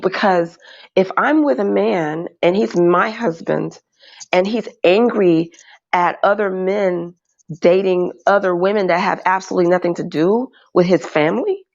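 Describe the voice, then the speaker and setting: A woman speaking as a panel guest in a casual online chat, hesitant and halting with many fillers. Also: on the low side, gravelly, a little mellow. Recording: dull lo-fi audio.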